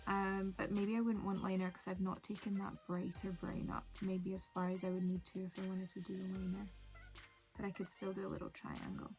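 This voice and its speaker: A woman's voice: mid-range voice, level tone, fairly quick, darkish tone, faint music behind. A young woman, chatting casually and rambling through a make-up tutorial with many fillers. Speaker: beauty vlogger.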